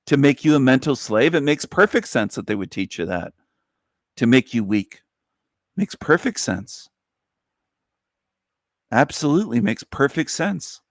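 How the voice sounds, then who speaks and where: A man's voice: fairly high pitch, dry recording, studio quality. A man hosting a live stream, delivering an emphatic, preachy monologue that circles back and repeats its points. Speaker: livestream host.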